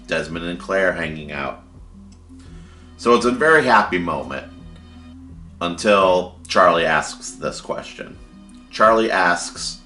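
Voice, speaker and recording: A man's voice: sits low, slow pace, long pauses, pushed and bright, roomy sound, soft background music. A man casually retelling a story he wrote, with fillers like "like" and "kinda". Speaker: fan storyteller.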